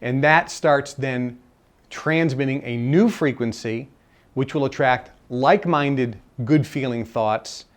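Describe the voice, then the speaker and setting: A man speaking at a live self-help seminar, earnest and repeating his key phrases for emphasis. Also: mid-range voice. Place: seminar room with a live audience.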